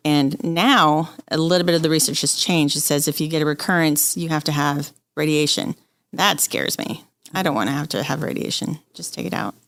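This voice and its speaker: A woman's voice: sits low, brisk, fairly bright tone, dry recording. A woman in her forties, an interview guest, telling her personal story openly and with feeling. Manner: candid, open, quotes people she talks to.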